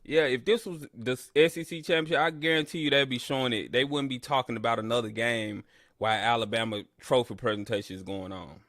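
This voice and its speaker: A man with a mid-range, fairly even voice, slightly quick and a bit bright, hosts a live sports listen-along, talking loosely to the people in his chat. He trash-talks rivals with some bragging before turning to gripes about the broadcaster. The sound is studio quality, without echo.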